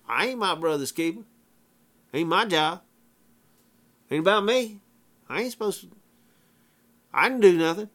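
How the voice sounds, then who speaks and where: A self-absorbed grown man whining and sulking like a crybaby, as a preacher puts him on in a sermon. The voice climbs well above a normal speaking pitch as he complains and dodges blame. It is a plain retelling in a sermon, not a studio production. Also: expressive, a little slow, pauses often, fairly bright tone. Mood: sulky denial.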